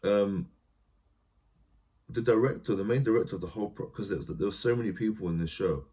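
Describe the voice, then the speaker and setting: Animated man telling stories. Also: on the low side, fairly quick. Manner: animated storytelling, acts out quoted voices, many restarts. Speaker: theatre practitioner guest. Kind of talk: conversational podcast interview.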